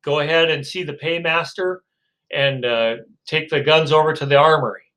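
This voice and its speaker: A man voicing a weary male army general who answers in a doubtful, measured way. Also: on the high side, bright, forceful tone, low-quality recording. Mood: skeptical.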